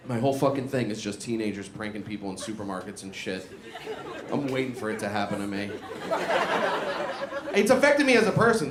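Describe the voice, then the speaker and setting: A man's voice: mid-range voice, background noise. A man doing a live stand-up set in a barbershop, profane and self-mocking, often quizzing the crowd. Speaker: stand-up comedian. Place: live comedy show in a barbershop. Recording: echoey room with loud audience.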